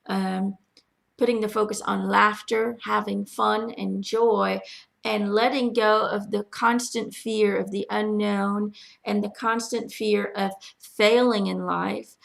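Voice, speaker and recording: A woman gives a spiritual reading in a soft, unhurried voice, stopping often to listen before she goes on. Her voice is very gravelly, with heavy vocal fry, at a middle pitch. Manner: gentle, halting, many ums, pauses to listen. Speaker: spiritual medium answering follower questions. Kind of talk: channeling reading, casual spoken.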